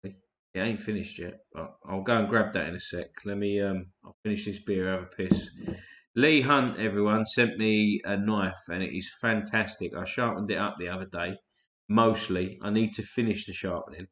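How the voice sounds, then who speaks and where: A man's voice: fairly low pitch, steady tone, moderate pace, fairly bright tone. Tired, swearing man on stream. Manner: loose, profane, chatty. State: tired, yawning. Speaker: livestream host. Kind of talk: casual live stream chat. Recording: roomy, dull lo-fi stream audio.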